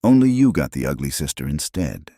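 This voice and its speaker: A man reading aloud voicing a bitter young woman with a flat, cruel delivery. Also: very deep voice, fairly quick, dry recording, studio quality, heavily acted.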